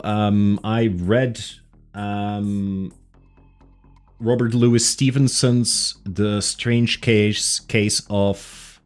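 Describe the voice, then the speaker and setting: Guy streamer chatting slow and low, lots of um and like, faint music under it. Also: a little mellow. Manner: rambling, self-interrupting with tangents and fillers. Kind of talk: casual chat with live chat.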